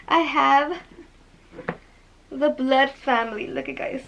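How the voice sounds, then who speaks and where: A woman's voice: high-pitched, slow, creaky, pauses often, fairly bright tone, a little hiss or hum, poor audio. A young woman vlogging an unboxing, gushing over each item with gasps and lots of fillers. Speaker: beauty vlogger. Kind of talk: excited unboxing vlog.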